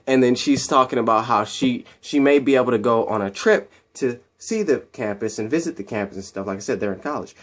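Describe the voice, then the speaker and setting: A man casually retelling a film scene by scene, rambling and repeating himself, and jumping into higher voices when he quotes the characters. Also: lively intonation, brisk, hardly any pauses. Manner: rambling and repetitive, acting out quotes in raised voices. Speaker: movie recap vlogger.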